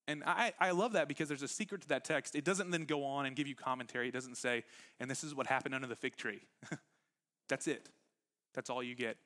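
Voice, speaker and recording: A male pastor preaching a Sunday sermon in a conversational way. His voice sits at an ordinary middle pitch. He drops low and quiet for intimate lines and then lifts into animated bursts. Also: fairly quick. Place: church sanctuary with live congregation.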